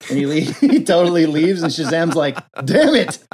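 Jokey male co-host, slightly high voice, casual riffing with lots of laughs and put-on voices. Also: brisk, darkish tone, a little hiss or hum. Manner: jokey, acts out silly voices, laughs often. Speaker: podcast co-host. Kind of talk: casual comedic chat.

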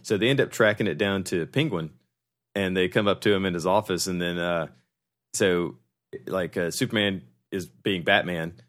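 A man's voice: deep voice, normal speed, a bit bright. A man co-hosting a comedy podcast, telling a story with many fillers and swearing. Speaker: podcast co-host. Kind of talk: casual comedic chat.

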